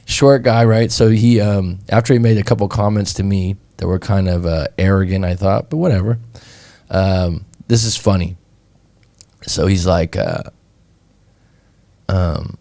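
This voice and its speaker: A man from California, a breakup coach hosting a show, chatting casually and telling stories in an animated way. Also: low-pitched, unhurried, vocal fry, long pauses, dry recording. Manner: animated, conversational, acts out anecdotes. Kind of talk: casual chat, storytelling.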